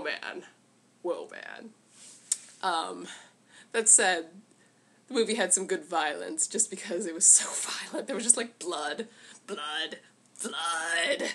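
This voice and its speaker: A woman's voice: fairly low pitch, bright, forceful tone. A young woman vlogger ranting about a movie in casual, rambling, sarcastic chat into a camera mic.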